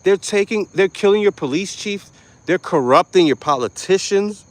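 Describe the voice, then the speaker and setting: A man ranting to camera in a profane, mocking vlog, angry and loud. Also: high voice, expressive, moderate pace, no echo. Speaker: vlogger. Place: lives in Florida.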